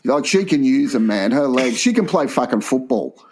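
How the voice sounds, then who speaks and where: A man's voice: medium pitch, sing-song, normal speed, darkish tone, slight background noise. A man co-hosting a crude comedy podcast, telling rambling anecdotes bluntly and swearing a lot. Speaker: podcast co-host.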